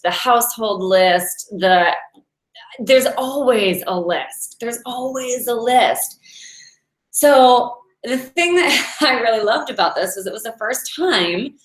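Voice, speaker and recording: Telling stories and laughing often, a Taoist meditation teacher in her forties keeps her inspirational talk casual and chatty. Her voice is mid-range and a bit bright, heard in a room with echo.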